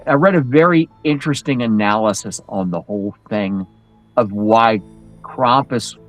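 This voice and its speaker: A man chatting casually on a live show as a guest in Krampus costume, telling animated stories with many restarts. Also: medium pitch, low-quality recording. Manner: animated, acts out quoted voices, many restarts.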